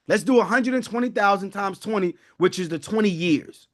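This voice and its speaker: A man's voice: sits high, brisk, fairly bright tone. A man hosting a live online wealth class, fervent and preachy, calling out to his viewers. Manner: fervent, preachy, calls out to the audience. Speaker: wealth-building webinar host. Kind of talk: live online sales pitch.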